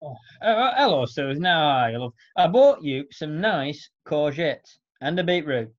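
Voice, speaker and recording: A folksy, easygoing allotment gardener, played by a man, rambling in a lively, sing-song voice. He stammers and trails off, and the sound is dull and lo-fi. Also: on the high side, moderate pace, natural voice. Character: scruffy older allotment gardener, chatty and easygoing. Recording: dull lo-fi recording.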